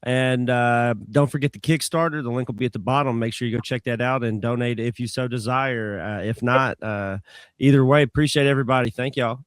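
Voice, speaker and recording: A man co-hosting a podcast, relaxed and casual, mostly giving short agreeing reactions. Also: mid-range voice, fairly quick, clear, resonant tone, dry recording, clean studio sound. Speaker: podcast co-host. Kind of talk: casual chat.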